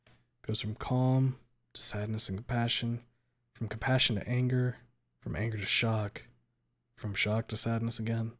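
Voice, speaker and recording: A man of middling pitch reads a first-person story aloud for his stream. He throws feeling into it, hurrying through some passages and lingering on others. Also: flat delivery. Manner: emotional, pace swinging between rushed and drawn out. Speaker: streamer reading a fan fiction aloud.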